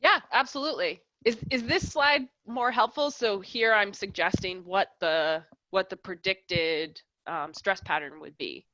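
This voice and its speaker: Bright, crisp-toned woman giving an academic talk. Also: medium pitch, a little slow, few pauses, highs cut off. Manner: casual, explanatory, with fillers like "right" and "um". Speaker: guest speaker presenting research.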